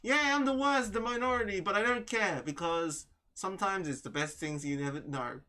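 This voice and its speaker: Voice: medium pitch, moderate pace, sharp tone. A let's play gamer giving casual, chatty commentary and giggling reactions to the game.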